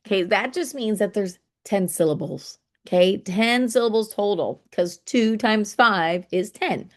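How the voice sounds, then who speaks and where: A woman's voice: medium pitch, measured pace. A woman explaining poetry to children in a casual teaching manner, often checking in with "okay?" and tapping out rhythms aloud.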